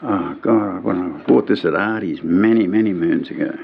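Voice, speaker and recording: Australian bloke, gravelly voice, easygoing yarn-spinner on dull radio. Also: male voice, sits low, normal speed, a little hiss or hum. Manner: laid-back, laughing storyteller. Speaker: actor and musician guest. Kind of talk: casual interview chat. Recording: lo-fi radio broadcast.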